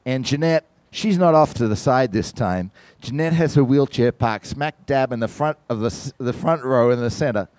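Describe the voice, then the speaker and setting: A man preaches by telling a story, animated and direct, often turning to address the congregation. His voice sits mid-range and sounds dry and close. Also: mid-range voice, moderate pace, hardly any pauses, dry recording. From from outside the United States. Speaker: visiting church musician and speaker. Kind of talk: sermon testimony storytelling.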